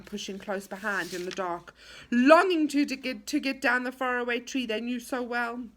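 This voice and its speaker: Storybook reader: woman, expressive, animated, bright high voice. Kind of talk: reading a children's story aloud.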